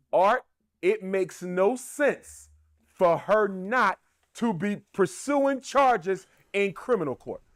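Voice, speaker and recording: A man hammers home his opinions in a high voice that swings widely in pitch. He is emphatic and rhetorical and repeats his points for effect. The sound is close and dry, with no room echo. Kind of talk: opinionated commentary.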